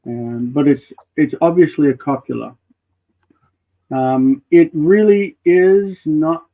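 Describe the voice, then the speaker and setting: A man teaching classical Hebrew grammar in a live online class, explaining at length and thinking aloud with restarts. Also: on the high side. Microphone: video call. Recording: tinny phone-like call audio.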